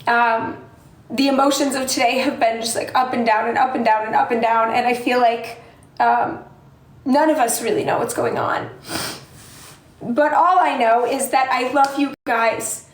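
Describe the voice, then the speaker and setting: A woman creator who is crying, speaking haltingly with many pauses and apologizing. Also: on the high side, steady tone. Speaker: content creator. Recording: roomy echo.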